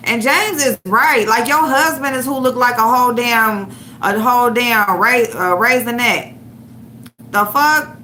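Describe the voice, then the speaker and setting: A woman's voice: fairly high pitch, unhurried, pushed and bright, slight background noise. A woman hosting an online show, ranting and mocking someone with heavy profanity while she looks for a clip to show her viewers. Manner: profane, mocking, trash-talking. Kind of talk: ranting commentary livestream.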